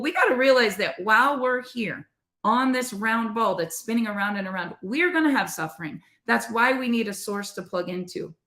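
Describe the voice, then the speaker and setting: A woman's voice: on the high side, a bit bright. Middle-aged woman podcast co-host, earnest motivational faith talk, casual delivery, roomy echo. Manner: earnest, conversational, addresses listeners as "you guys".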